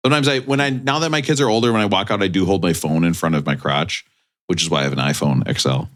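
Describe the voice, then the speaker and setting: A man's voice: low voice, fast. A man co-hosting a comedy podcast, telling crude stories in casual banter. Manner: crude storytelling, bursts of loud laughing delivery. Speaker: podcast co-host.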